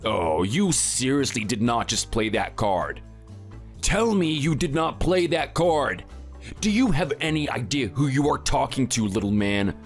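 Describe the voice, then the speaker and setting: A man's voice: medium pitch, animated, a little slow, soft background music. A man voicing a boastful, muscle-bound bully who taunts his neighbor, read in a synthetic texting-story style. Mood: taunting. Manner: taunting, sneering. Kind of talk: text-to-speech texting story.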